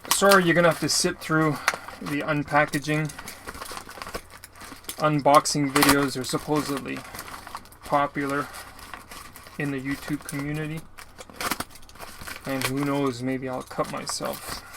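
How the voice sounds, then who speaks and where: A man's voice: a little high, flat delivery, unhurried, gravelly, pauses often, noisy background. A man casually narrating an unboxing of mail he received, rambling and apologizing often. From Canada. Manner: rambling, apologetic, lots of filler. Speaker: YouTuber opening mail.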